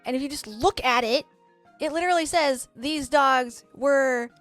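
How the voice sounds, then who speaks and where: High-voiced woman ranting profanely. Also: a little slow, soft background music. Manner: profane, animated ranting with quoted exchanges. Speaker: streamer playing a game. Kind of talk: casual storytelling while gaming.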